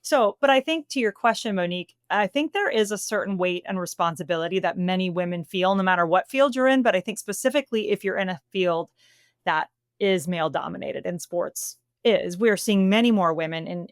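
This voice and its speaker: Animated woman broadcaster, emotional. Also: medium pitch, no room sound, studio quality. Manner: animated, emotional, laughs easily, retells stories. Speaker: sports broadcaster, guest. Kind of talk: conversational interview.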